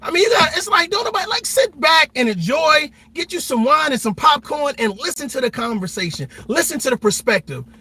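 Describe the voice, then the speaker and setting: An army veteran hosting a livestream, talking passionately in a blunt, repetitive, profane way. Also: male voice, very high-pitched, very animated, a little fast, hardly any pauses, sharp tone. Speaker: livestream host.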